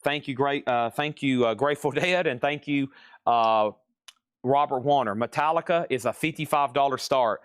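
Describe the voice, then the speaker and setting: A man running a live-stream record auction. He talks briskly, repeats prices and bidders' names, and makes folksy asides while he works in a record shop. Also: mid-range voice, clean tone, no echo, clean studio sound. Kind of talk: live-stream sales patter. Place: record shop, moving between crates.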